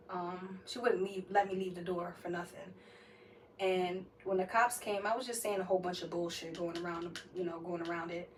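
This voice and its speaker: A woman's voice: mid-range voice, far from the mic, low-quality recording. A young woman hosting a podcast, telling a story in a casual, slangy way, full of "like" and swearing. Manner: slangy, filler-heavy, swears freely. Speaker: podcast host. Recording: slightly off-mic with faint noise.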